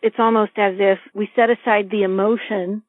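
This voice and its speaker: A woman hosting a podcast interview, speaking in a measured, reflective way. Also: medium pitch, flat delivery, no echo. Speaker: podcast host. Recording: phone-like dry line.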